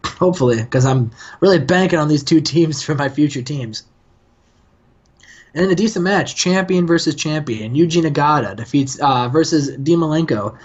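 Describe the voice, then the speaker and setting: A man's voice: on the high side, animated, normal speed, breathy edge. A man hosting a casual gaming commentary, joking and acting out characters as he plays. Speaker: host. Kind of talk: casual let's-play commentary. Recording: dull lo-fi mic.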